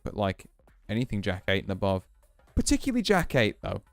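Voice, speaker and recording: Smooth low-voiced male poker streamer. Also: a little fast, soft background music. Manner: relaxed, musing, explains hands as he plays. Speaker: VTuber streamer. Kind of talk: casual poker play commentary.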